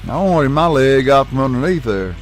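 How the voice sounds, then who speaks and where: Middle-aged man, rambling folksy storyteller, casual swearing, mid-pitched voice. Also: animated, moderate pace, soft background music. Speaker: gaming channel host. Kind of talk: casual storytelling while playing.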